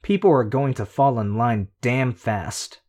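A man voicing a sardonic teenage girl in an audiobook, lifting his voice slightly and talking quickly. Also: mid-range voice, darkish tone, natural voice. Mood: wry. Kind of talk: audiobook character voice.

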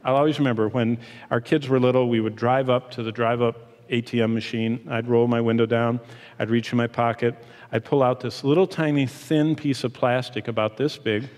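A middle-aged man delivers a sermon from a church, his voice sitting in the middle of the male range. He preaches with animation, pressing some points slowly and rushing through others. The sound carries a long reverb from the hall around him. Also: medium pitch. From Michigan, USA. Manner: animated preaching, shifting pace and emphasis. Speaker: pastor.

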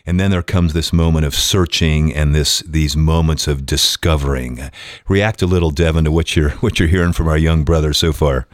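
A male host speaks reflectively, drawing lessons from his guest's story for the listeners. His voice is exceptionally deep. The recording is dry and close to the mic. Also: fairly even intonation, moderate pace, no room sound. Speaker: podcast host. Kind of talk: hosting a conversation.

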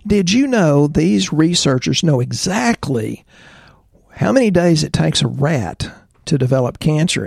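A man co-hosting a casual health chat, opinionated and animated as he tells stories. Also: fairly high pitch, gravelly, breathy edge, no echo, clean studio sound. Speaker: podcast co-host, chiropractor.

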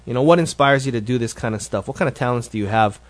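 A man's voice: mid-range voice, fast talker, no echo. A man hosting his show, giving a casual, rambling update that is full of self-corrections. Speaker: show host.

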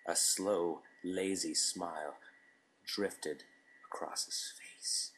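A man narrating a scripted story in a measured, deliberate storytelling manner. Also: sits low, steady tone, a bit bright, whispered, low-quality recording.

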